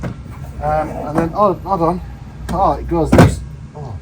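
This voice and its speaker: A man's voice: fairly high pitch, slow pace, noisy background. A man reviewing a car in a casual, joking way, rambling and laughing as he demonstrates features. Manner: jokey, rambling, laughs often.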